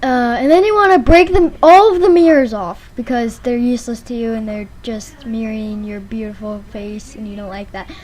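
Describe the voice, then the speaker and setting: Woman, high voice, deadpan jokey how-to, lots of ums, car showroom. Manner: rambling, halting with many fillers; deadpan absurd advice. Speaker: vlogger. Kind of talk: joking mock tutorial.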